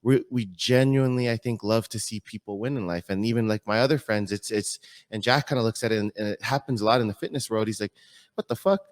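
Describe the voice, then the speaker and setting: A man who works as a fitness model, a guest on a podcast, talking earnestly and excitedly in casual chat, often repeating himself. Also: lowish voice, fast.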